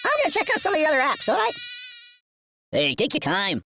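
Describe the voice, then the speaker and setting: A woman's voice: sits high, wildly swooping pitch, quick pace, creaky, noisy background, heavily acted. A woman voicing Buddy, a chatty male ragdoll toy in a mobile game, trading cheeky quips and squealing when hurt. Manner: cheeky quips, then squealing cries of pain. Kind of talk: game character voice lines.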